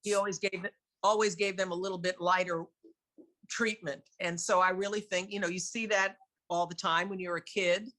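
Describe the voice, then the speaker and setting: A woman with a New York accent talks as an interview guest, candid and lively. Her voice is bright and ringing. She laughs often as she tells her stories. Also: on the low side, moderate pace. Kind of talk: casual storytelling in an interview.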